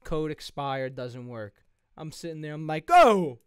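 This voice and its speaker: Young male co-host, a touch higher in pitch, loose profane storytelling, dry sound. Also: fairly even intonation, moderate pace, clean tone, dry recording. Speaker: podcast co-host. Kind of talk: casual chat.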